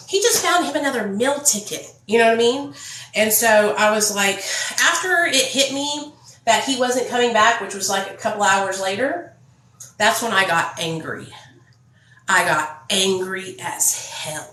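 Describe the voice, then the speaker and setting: A woman's voice: mid-range voice, lively intonation, normal speed, a bit bright, reverberant, a little hiss or hum, low-quality recording. A woman telling her own story to viewers in a casual, blunt, profane vlog. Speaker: vlogger.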